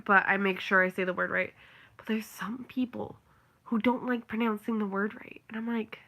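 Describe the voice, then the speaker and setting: Bright-voiced young woman rambling casually. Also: mid-range voice, fairly even intonation, a little fast. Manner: rambling, filler-heavy, ranting. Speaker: vlogger. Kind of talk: casual chat.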